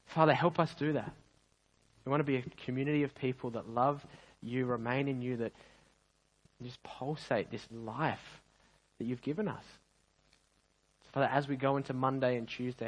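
A man's voice: medium pitch, rough recording. Earnest, emphatic male pastor preaching. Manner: earnest and emphatic, with repeated restarts. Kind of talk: sermon.

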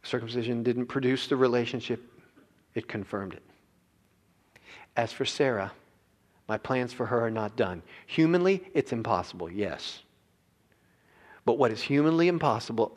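A man preaching a sermon as a pastor, animated and acting out characters in his telling. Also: mid-range voice, moderate pace, pauses often. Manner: animated, acts out biblical characters with voices. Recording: reverberant hall.

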